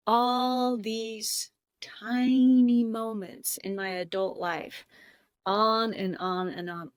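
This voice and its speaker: A woman telling a deeply personal story as a podcast guest. She is tearing up and speaks in a halting, heartfelt way, with pauses and restarts. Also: no echo.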